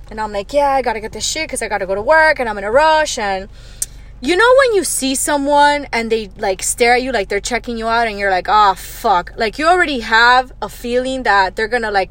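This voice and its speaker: Young woman host, fairly high voice, blunt and foul-mouthed, exasperated, casual solo rant with quick bursts and low muttered asides. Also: lively intonation, fairly bright tone. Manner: blunt, profane, exasperated storytelling. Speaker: podcast host.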